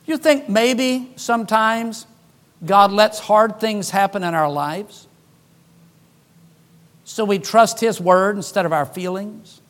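Pastor, male, high voice, folksy preaching, wry asides, dynamic delivery. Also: slow, long pauses. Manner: folksy, joking asides, shifts between loud emphasis and hushed lines. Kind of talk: sermon.

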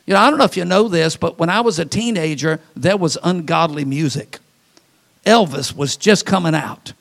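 Older guy in his 60s preaching, kinda high voice, folksy and jokey with the crowd. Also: normal speed, creaky, fairly bright tone. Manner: folksy, jokes with the congregation. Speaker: pastor. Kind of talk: sermon. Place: church sanctuary.

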